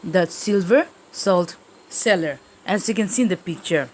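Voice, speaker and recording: A woman's voice: on the low side, a little slow, darkish tone, slight background noise, rough recording. A woman teacher explaining a play to her class, often checking in with the listeners and using fillers. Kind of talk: literature lesson explanation.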